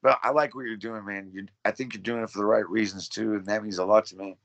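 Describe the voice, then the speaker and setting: A man's voice: fairly low pitch, steady tone, fast talker, gravelly, a bit bright, highs cut off. A man in his thirties telling his story as a podcast guest, blunt and full of swearing. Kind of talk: casual interview.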